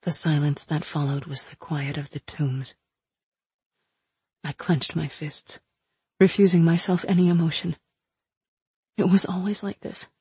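A woman reading a first-person fantasy audiobook in an even, measured way. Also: low-pitched, slightly rough, no room sound. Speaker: narrator.

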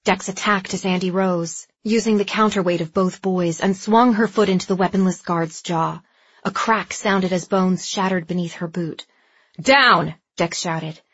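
A woman reading a story aloud as an audiobook narrator, with a steady, even delivery. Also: medium pitch, moderate pace, breathy edge, dry recording. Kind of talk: scripted narration. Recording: dry, slightly dull lo-fi recording.

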